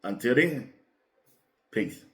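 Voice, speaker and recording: A man's voice: medium pitch, animated, slow pace, fairly bright tone, reverberant, soft background music. A man hosting a sports channel, laid-back and slangy in casual commentary, repeating lines for emphasis. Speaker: sports show host.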